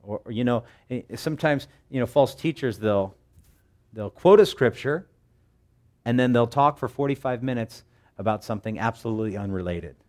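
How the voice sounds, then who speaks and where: A pastor preaches with lots of energy and humor, his voice sitting at an ordinary middle pitch. He jumps into little impressions of the people he talks about, then drops back into plain conversational preaching. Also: moderate pace. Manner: animated, jokey, acts out quoted voices. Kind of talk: sermon.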